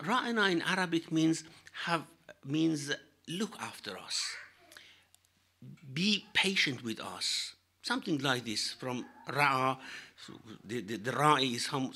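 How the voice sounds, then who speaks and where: A man explaining scripture in a lecture, measured and halting, with frequent fillers and pauses. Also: mid-range voice, bright, forceful tone. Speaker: religious teacher.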